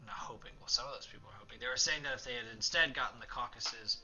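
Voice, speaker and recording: A man's voice: mid-range voice, racing, music in the background. Rambling young male gameplay commentator. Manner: rambling, chatty, many fillers. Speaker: let's play host.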